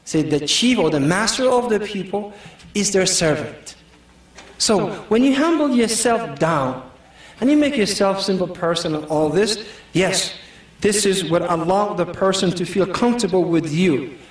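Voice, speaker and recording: A man's voice: sits high, lively intonation, unhurried, echoey room, recorded from a distance. A man giving a humorous sermon to a gathering, telling anecdotes and laughing often as he makes his points. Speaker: preacher.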